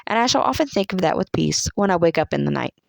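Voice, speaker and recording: A reader voicing Camilla, a fussy, self-pitying older woman in a classic-novel audiobook, with a shrill, plaintive, theatrical manner. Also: lively intonation, fast talker, gravelly, no echo, studio quality. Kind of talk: audiobook character voice.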